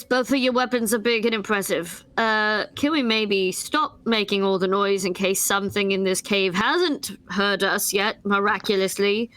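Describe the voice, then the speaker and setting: A woman's voice: medium pitch, a bit bright, no room sound. A woman playing a tabletop game, talking casually with a dry, sarcastic edge. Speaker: player.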